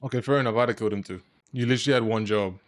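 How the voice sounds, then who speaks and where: Lowish-voiced man reacting to a movie. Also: rapid-fire. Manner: animated, swearing, laughing at scenes. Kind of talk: casual reaction commentary.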